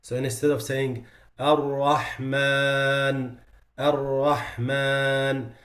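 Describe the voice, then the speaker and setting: Teaching a tajweed lesson, a Quran recitation teacher speaks at a normal middle pitch with a slightly mellow tone. The room echoes with reverb as he explains mistakes in plain words, then slowly, emphatically stretches out example words to show the difference.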